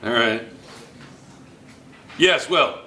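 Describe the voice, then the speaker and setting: Bright-voiced playful male chemistry teacher. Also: mid-range voice, expressive, drawn-out words, reverberant. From United States. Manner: playful, repeats phrases, jokes with students. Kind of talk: classroom teaching. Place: classroom.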